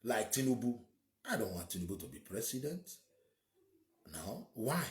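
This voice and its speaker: A man's voice: lowish voice, very animated, moderate pace, reverberant. A man with a Nigerian accent giving an opinionated monologue as a political commentator, emphatic and ranting, firing off rhetorical questions.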